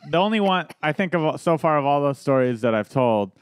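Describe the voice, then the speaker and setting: A man's voice: a little high, animated, a little fast, clean tone, no echo, clean studio sound. A man, a comedian, telling stories in a casual podcast chat, rambling with restarts and laughs. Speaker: guest comedian.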